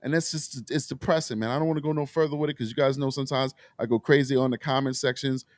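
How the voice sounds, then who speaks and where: A man's voice: medium pitch, steady tone, fast, no room sound, clean studio sound. A man hosting a political talk show, speaking with raw emotion and frequent swearing. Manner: impassioned, emotional, profane. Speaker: show host.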